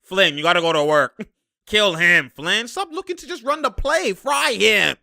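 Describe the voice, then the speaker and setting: A young man talking casually and excitably as he reacts to basketball footage, laughing and using slang. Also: high voice, moderate pace, creaky, no echo, clean studio sound. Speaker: sports commentator reacting to game footage. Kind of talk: casual live game reaction.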